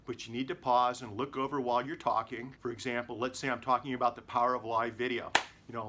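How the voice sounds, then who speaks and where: A middle-aged man gives tips straight to the camera, like a coach talking to his viewers. His voice is bright and forward. He is animated and swings between soft and loud to stress his points. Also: medium pitch. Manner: animated, varies tone and volume for emphasis. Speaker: lawyer and video coach.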